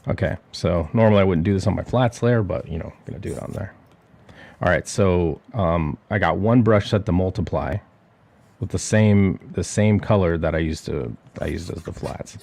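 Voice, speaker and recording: A man's voice: low voice, moderate pace, gravelly, a little mellow. A man casually talking through a digital drawing demo on a livestream, muttering and swearing to himself as he works. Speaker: artist streamer.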